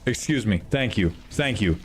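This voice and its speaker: A man's voice: on the low side, animated, normal speed, faint music behind. A young man streaming a video game, reacting with constant frustrated swearing as he plays. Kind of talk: live gameplay commentary.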